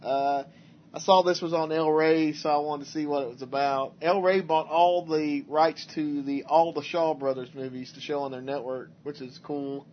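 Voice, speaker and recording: Here a man co-hosting a podcast rambles about movies in casual, halting chat full of restarts and fillers. His voice is a little high with fairly even intonation, and the dull lo-fi audio has slight background noise.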